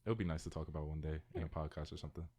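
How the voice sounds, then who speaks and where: A man's voice: rumbling low, steady tone, rapid-fire, a little mellow. A young man co-hosting a college podcast, speaking earnestly in casual chat. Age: young adult. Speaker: podcast co-host.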